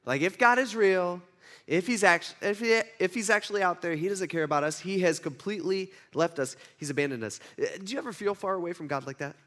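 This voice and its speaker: A male pastor preaching in a relaxed, conversational way, with a high voice for a man. He tells the story with animation and keeps stopping to restart his sentences. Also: fairly quick. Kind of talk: conversational sermon.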